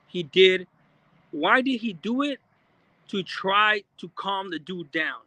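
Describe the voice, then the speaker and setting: A man giving casual, profane commentary, animated and repeating himself as he talks. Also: high voice, slow pace, dry recording. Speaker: commentator reacting to an interview.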